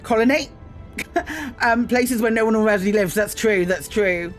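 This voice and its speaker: A woman's voice: fairly high pitch, fairly even intonation, a little slow, soft background music. A woman streaming a space game, chatting casually with her viewers, greeting them in bursts, with frequent ums and self-mocking asides. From Britain. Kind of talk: casual live-stream chat.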